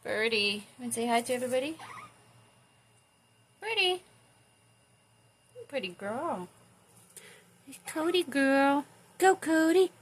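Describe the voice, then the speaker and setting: A woman's voice: sits high, animated, slow, long pauses, a little hiss or hum. A woman talking baby talk to her pet birds, cooing and asking sing-song questions indoors by their cage. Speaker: pet owner.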